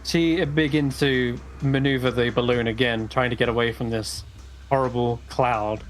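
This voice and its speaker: This dungeon master's narration is relaxed and a little meandering, filled with filler words, delivered at normal speed. His pitch sits mid-range, and faint soft music plays behind him during the tabletop game.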